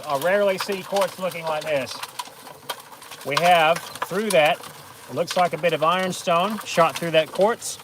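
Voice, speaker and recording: A man's voice: on the high side, background noise. An easygoing man explaining his gold prospecting work casually outdoors by a creek.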